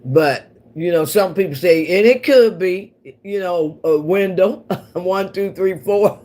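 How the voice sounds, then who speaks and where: A woman's voice: fairly low pitch, slow pace, darkish tone. A woman from the central United States, hosting a casual livestream and chatting with viewers in a rambling way, laughing often. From United States, Missouri and Oklahoma. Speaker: livestream host.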